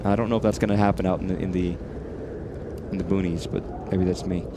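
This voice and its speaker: A man's voice: deep voice, steady tone, fast, noisy background. Rambling, cursing male game streamer. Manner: rambling, swears freely, talks to the game. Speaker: streamer playing a horror game. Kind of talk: casual live-stream commentary.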